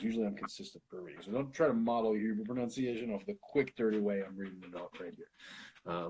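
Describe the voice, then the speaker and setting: Low-voiced American man leading a Bible study. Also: dark tone, a little hiss or hum, poor audio. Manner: thinks aloud, swears, laughs, reads Hebrew then explains. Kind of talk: casual study session, reading scripture aloud.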